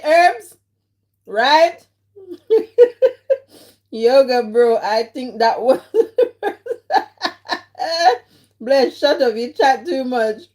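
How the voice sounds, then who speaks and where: Laughing Jamaican-British woman chatting to viewers. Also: high voice. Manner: laughs often, teasing banter with chat. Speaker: livestream host. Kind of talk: casual live-stream chat with viewers while eating.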